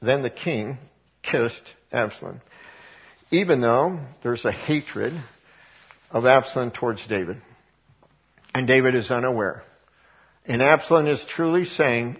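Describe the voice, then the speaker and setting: A man's voice: mid-range voice, lively intonation, unhurried, pauses often, slightly rough, highs cut off. A male preacher reading scripture aloud and then explaining it in casual everyday words. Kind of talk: verse-by-verse sermon.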